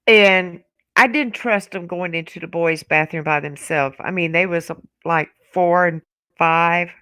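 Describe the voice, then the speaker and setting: A middle-aged woman, chatting casually and telling a funny story with lively acted-out voices. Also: lowish voice, measured pace, smooth, no room sound. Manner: animated storyteller, acts out voices. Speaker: trivia night participant.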